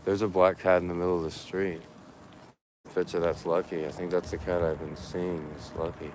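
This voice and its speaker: A man's voice: low-pitched, steady tone, a little fast, background noise. A man vlogging outdoors on a neighborhood street at dusk, chatty and rambling, cooing at the cats he passes. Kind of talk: casual walking vlog.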